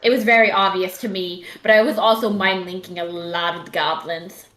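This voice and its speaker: A woman's voice: fairly low pitch, steady tone, moderate pace, fairly bright tone, a little hiss or hum. Chatty woman player in an echoey room. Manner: chatty, corrects the turn order. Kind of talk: casual game table chat.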